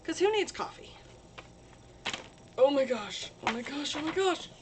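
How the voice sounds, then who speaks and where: A woman hosting a casual crafting livestream, chatty and gushing with excitement. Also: sits high, a little slow, background noise.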